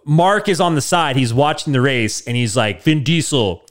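A man hosting a podcast, telling a rambling, deadpan comic story full of fillers. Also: mid-range voice, moderate pace. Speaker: podcast host. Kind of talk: casual comedic storytelling.

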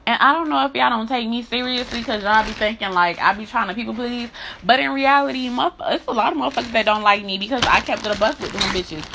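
A woman's voice: a little high, quick pace, gravelly, hardly any pauses, background noise. A young woman speaking in a blunt, heated, profane monologue rant to her followers. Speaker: social media creator.

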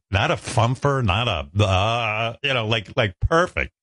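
A man in his sixties from the New York area, a radio host telling stories in an animated, self-mocking, profane way. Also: fairly low pitch, slow pace, dry recording, clean studio sound. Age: 60s. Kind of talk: casual chat.

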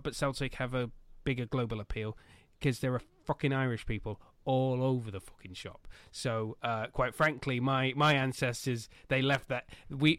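Guy co-hosting a football podcast, gets loud and worked up, swears a lot, dry close mic. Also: medium pitch, smooth, no room sound. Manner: animated, loud bursts, swears, laughs at own jokes. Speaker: podcast co-host. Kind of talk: casual football chat.

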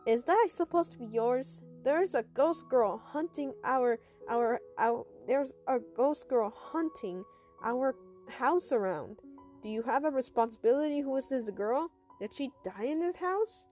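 A woman's voice: high voice, lively intonation, unhurried, darkish tone, faint music behind. A woman voicing a teasing brother who mocks his sister in a sing-song way. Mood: curious.

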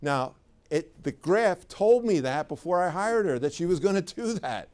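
A middle-aged man leads a live sales training, his voice a touch higher than most men's. He talks in an easy, conversational way but leans hard on his key points, often turning to the audience with questions. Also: lively intonation, moderate pace, a little mellow, clear, resonant tone. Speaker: sales trainer for clinic owners. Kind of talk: live seminar talk to an audience.

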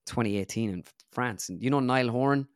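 A man's voice: mid-range voice, fairly quick, clear, resonant tone, no room sound, studio quality. A young Irish man from the Midlands, a comedian being interviewed casually, who runs his sentences together with many fillers. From Ireland. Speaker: comedian and impressionist, guest.

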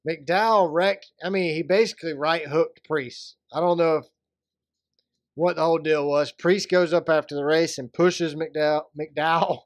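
A man co-hosting a casual podcast, chatting and joking in an animated way. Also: a little high, moderate pace, no echo, clean studio sound. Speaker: podcast co-host. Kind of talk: casual chat.

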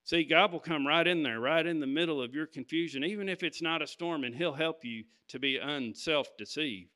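A man's voice: fairly high pitch, moderate pace, bright, forceful tone. A man preaching, telling a personal story to his congregation and stopping to ask "Amen?". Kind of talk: sermon testimony.

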